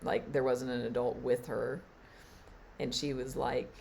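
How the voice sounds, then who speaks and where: A woman teacher giving a reflective spiritual talk on a live stream, halting and trailing off with fillers. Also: very deep voice, flat delivery, gravelly, darkish tone, a little hiss or hum. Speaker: meditation and Reiki teacher.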